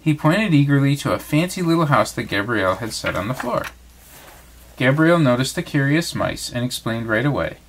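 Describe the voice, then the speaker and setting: A man's voice: mid-range voice, very animated, a little fast, a little hiss or hum. A man reading a bedtime story aloud as a father, narrating expressively.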